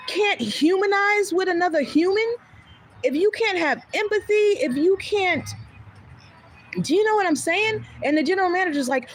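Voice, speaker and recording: A woman's voice: very high voice, moderate pace, a little hiss or hum, poor audio. A woman chatting casually on her livestream, candid and outspoken, swearing freely and acting out other people's lines as she tells stories. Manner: animated storyteller, acts out others' lines. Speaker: vlogger. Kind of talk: casual chat to a livestream audience.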